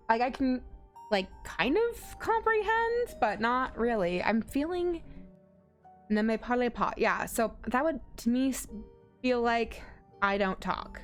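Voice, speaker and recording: A young woman streaming a story game, chatting casually and giggling as she reads chat aloud. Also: a little high. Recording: faint music behind.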